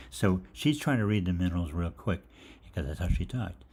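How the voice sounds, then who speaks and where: Low-voiced older man telling rambling stories. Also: expressive, normal speed, a little mellow, husky. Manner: rambling, jokey anecdotes with casual swearing. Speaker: host of a live health Q&A. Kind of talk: casual live Q&A storytelling.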